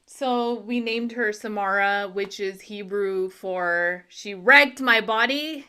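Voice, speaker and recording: A young woman performing a stand-up set over a video call, delivering punchlines deadpan and laughing at her own jokes. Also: mid-range voice, takes it slowly, clean tone. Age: young adult. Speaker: stand-up comedian. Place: home.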